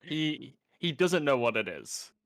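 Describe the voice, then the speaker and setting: Male player, casual joking chat, a bit high-pitched, dry. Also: very animated, measured pace, fairly bright tone, no echo. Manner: joking, laughing.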